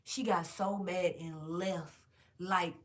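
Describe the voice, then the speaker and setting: A woman vlogger speaks directly to her viewers in a casual storytime monologue, animated, emphatic, and swearing a lot. Her voice is on the low side and slow.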